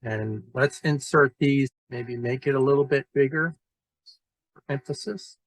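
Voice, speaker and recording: A man walking teachers through presentation software in a screen-recorded tutorial, talking loosely and thinking aloud as he clicks. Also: medium pitch, unhurried, rough recording. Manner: relaxed, thinking aloud with fillers and restarts. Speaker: teacher trainer.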